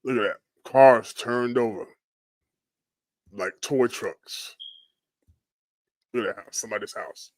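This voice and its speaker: A man from Florida hosting a livestream and commenting on storm damage photos, murmuring hushed, prayerful exclamations between his remarks. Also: mid-range voice, slow pace, pauses often, dry recording. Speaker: livestream host.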